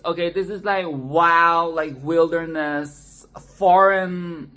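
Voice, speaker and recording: A leisurely, unhurried voice at a middle pitch talks through a film in a loose, chatty monologue. The tone is sarcastic and often breaks into laughter, with plenty of swearing along the way. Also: fairly even intonation, pushed and bright. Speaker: film commentary host. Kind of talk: casual film review monologue.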